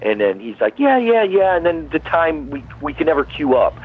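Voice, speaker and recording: A man's voice: fairly high pitch, expressive, a little fast, husky. A man, a guest musician, calling in and chatting casually, rambling and repeating himself as he talks. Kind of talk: casual phone-in chat. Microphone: phone call. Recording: tinny phone line.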